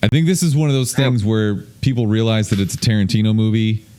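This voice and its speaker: A man's voice: on the low side, fast, dark tone, clean tone. A man hosting a podcast in loose, rambling casual chat, swearing freely. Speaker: podcast host. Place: indoor room, streamed on video.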